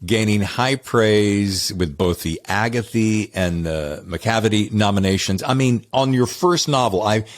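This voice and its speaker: Chatty low-voiced Southern host. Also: male voice, unhurried, few pauses. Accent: Southern American. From North Carolina. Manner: chatty, rambling, effusive. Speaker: podcast host. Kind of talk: casual interview chat.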